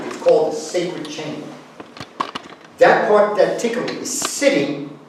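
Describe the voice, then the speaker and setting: A man's voice: a little high, slight background noise. A man lecturing a live audience, acting out example phrases and coaxing them to join in. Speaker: guest speaker. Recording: echoey room, far from the mic.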